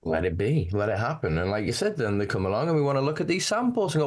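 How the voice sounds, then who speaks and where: A man from Northern England, speaking with a Northern English accent, reports as a podcast correspondent in a casual chat full of passionate, profane ranting. His mid-range voice is sing-song and he talks fast.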